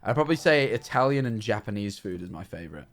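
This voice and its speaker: A man's voice: lowish voice, animated, fast talker. A man, chatting casually on a livestream and telling rambling, jokey stories. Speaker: streamer.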